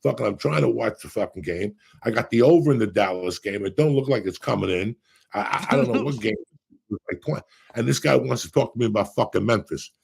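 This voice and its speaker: A man's voice: lowish voice, quick pace, vocal fry, a little mellow, breathy edge. A man in his sixties, a podcast co-host, telling rambling, profane stories in casual chat. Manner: profane, rambling storyteller with bursts of laughter.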